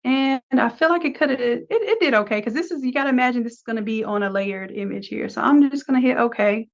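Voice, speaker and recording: A woman's voice: on the high side, fast, lo-fi sound. A woman instructor talking casually through each step of a live screen-share design tutorial, chatting with her class as she works.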